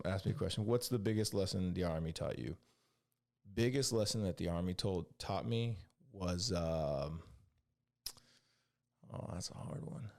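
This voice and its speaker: A man's voice: low-pitched, creaky. A man hosting a podcast, rambling through casual profane stories about his Army days and acting out the other people's lines. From California. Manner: profane, rambling, with animated quoted dialogue. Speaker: podcast host; Army veteran. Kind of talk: casual solo storytelling.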